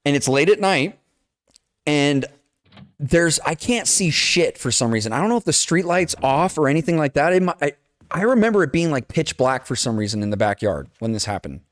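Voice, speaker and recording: Animated young man telling a story. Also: fairly high pitch, brisk, no echo, studio quality. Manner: swears freely, animated retelling with quoted dialogue. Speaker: podcast co-host. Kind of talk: casual storytelling chat.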